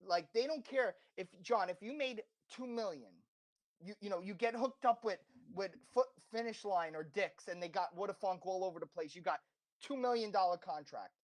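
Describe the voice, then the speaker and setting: A man's voice: high voice, animated, normal speed. A man with a slight accent, a podcast guest giving impassioned, rambling advice with many restarts and self-corrections. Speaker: interview guest. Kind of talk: casual podcast interview.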